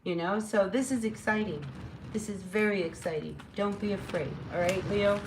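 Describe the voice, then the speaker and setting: A woman's voice: mid-range voice, moderate pace, noisy background. A woman giving a casual spoken tarot reading, chatty and encouraging, rambling with lots of fillers. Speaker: tarot reader.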